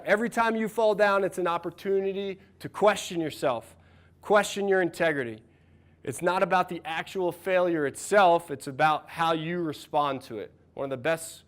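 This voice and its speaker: Energetic man coaching a live audience. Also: high voice, moderate pace. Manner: energetic, encouraging, asks the room questions. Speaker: mental performance coach. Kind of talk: workshop talk to a live audience.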